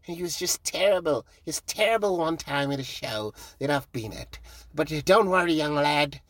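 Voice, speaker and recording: A man's voice: on the high side, expressive, moderate pace, fairly bright tone, no room sound, recorded from a distance. A man impersonating a kindly older rugby broadcaster who reassures a young comedian. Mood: reassuring.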